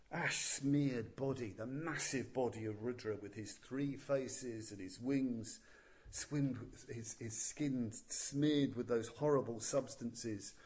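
A man's voice: medium pitch, a little mellow. A man, a Buddhist teacher telling a legend with playful, chuckling asides to his listeners. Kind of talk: storytelling talk.

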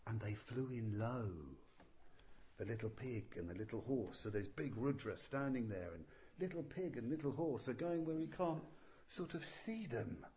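A man's voice: medium pitch, lively intonation, moderate pace, mellow, a little hiss or hum. A man, a Buddhist teacher telling a legend with playful, chuckling asides to his listeners. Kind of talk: storytelling talk.

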